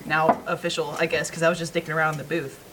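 A woman co-hosting a casual chat, talking quickly and enthusiastically. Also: low-pitched, little pitch movement, very noisy. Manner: quick, enthusiastic, laughs easily. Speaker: podcast co-host and voice actress.

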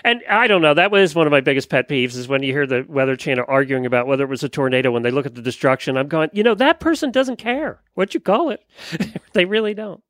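A man's voice: mid-range voice, fast, fairly bright tone, no echo, studio quality. Easygoing chuckling man host. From Florida. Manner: chuckling, easygoing, repeats for emphasis. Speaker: podcast host. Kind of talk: casual chat.

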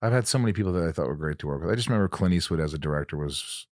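A middle-aged man hosting a relaxed interview conversation, his voice sitting very low. He tells stories with energy and acts out the lines of the people in them. The sound is close and dry, with almost no room echo. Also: racing. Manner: animated storyteller, acts out quotes. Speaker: podcast host. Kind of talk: casual interview chat.

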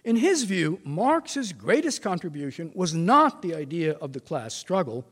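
An older man delivering a formal lecture in a large hall that rings with long reverb. His voice sits high for a man and moves animatedly up and down as he leans on quoted passages with measured emphasis. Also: very animated, fairly bright tone, husky. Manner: measured, reads quotations with emphasis.

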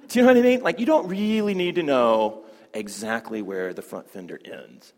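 A man teaching a hoop dance class, chatty and animated, telling stories and laughing often. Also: medium pitch, measured pace. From Southern United States. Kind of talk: class talk with storytelling. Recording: long hall reverb.

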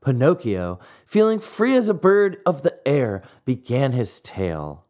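Expressive male storybook reader. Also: medium pitch, unhurried, few pauses. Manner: expressive, dramatic. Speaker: narrator. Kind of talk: storybook reading.

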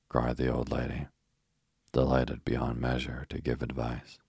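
A man narrating a bedtime story in a calm, even way. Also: a bass voice, a little slow, creaky, breathy edge, no room sound, clean studio sound.

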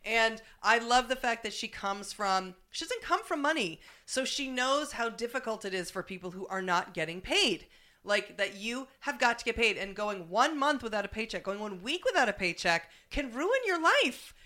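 Woman, host, casual chat, enthusiastic, profane, bright, slightly high. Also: big pitch swings, moderate pace.

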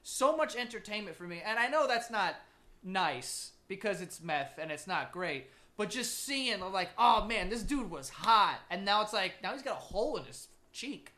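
A young man co-hosting a podcast from a makeshift home studio, joking loudly and crudely in casual banter. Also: high-pitched, moderate pace. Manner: loud, joking, crude, animated. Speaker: podcast co-host.

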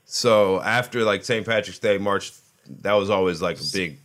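A man's voice: lowish voice, normal speed, a bit bright. A young man co-hosting a podcast, rambling in a laid-back way. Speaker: podcast co-host. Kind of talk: casual chat.

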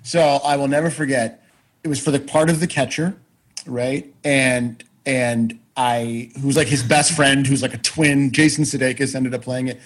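A man's voice: mid-range voice, fairly even intonation, moderate pace, low-quality recording. A man, a guest who acts and writes, telling rambling, self-deprecating stories in casual chat, with restarts and swearing.

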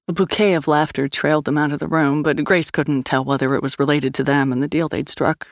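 Woman narrator, measured, gravelly, dry studio sound. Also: low-pitched, fairly even intonation, dry recording. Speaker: audiobook narrator. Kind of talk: scripted narration.

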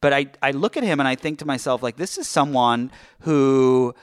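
A man hosting a podcast, chatting casually and joking at his own expense, often trailing off softly at the end of a thought. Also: medium pitch, normal speed, clear, resonant tone, dry recording, studio quality. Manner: chatty, self-deprecating, trails off softly at ends. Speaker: podcast host.

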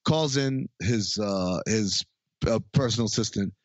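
A man's voice: medium pitch, fairly even intonation, moderate pace, no echo, highs cut off. A man casually retelling scenes of a comedy film for a co-host, quoting the characters and laughing along. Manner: storytelling retells of dialogue, laughing at the jokes. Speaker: podcast co-host. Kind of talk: casual movie recap chat.

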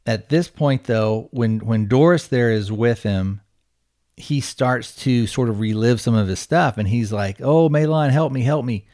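A man with a somewhat low voice talks through a movie's plot in a loose, casual way. He rambles, restarts his sentences and leans on fillers as he goes. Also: unhurried, a little mellow. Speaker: podcast host.

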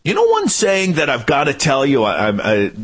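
A man delivers a comic radio rant in a jokey, incredulous tone. His pitch swings widely and his voice has a slight rasp. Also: normal speed. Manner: animated, incredulous, jokey ranting. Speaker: radio show regular segment host. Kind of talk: comic monologue.

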